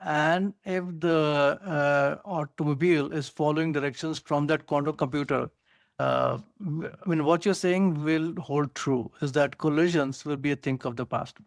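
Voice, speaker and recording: Co-hosting a relaxed tech podcast, an Indian-accented man speaks at a moderate pace in a slightly high, gravelly voice with fairly even intonation. He explains technology eagerly, dropping plenty of "you know" fillers. There's no room sound, and the studio audio is clean.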